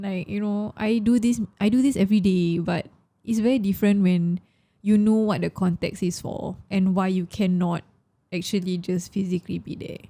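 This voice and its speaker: Young Singaporean woman, podcast co-host, mellow tone, emotional and chatty, slips into Malay. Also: mid-range voice, steady tone, fairly quick. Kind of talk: casual chat.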